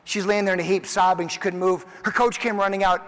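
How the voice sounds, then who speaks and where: A man in his forties delivering a motivational keynote, telling stories with lively energy and acting out the people in them. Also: high voice, fast, hardly any pauses. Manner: animated storyteller who acts out quoted dialogue. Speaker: keynote speaker. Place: large conference hall. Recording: long reverb of a big conference hall.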